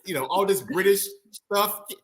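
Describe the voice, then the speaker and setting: A man's voice: high-pitched, moderate pace, a bit bright. A man, an attorney and guest, analyzing a trial in casual conversation, acting out courtroom quotes with slangy asides. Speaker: criminal and appellate attorney, guest. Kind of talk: casual legal analysis chat.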